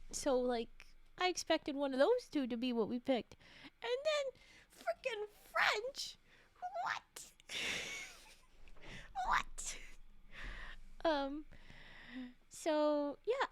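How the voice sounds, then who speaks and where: A woman livestreamer chatting casually with her viewers in a rambling way, with frequent restarts and quick laughs. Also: high-pitched, a little mellow, no room sound. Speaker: livestreamer reading stories. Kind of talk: casual chat with live viewers.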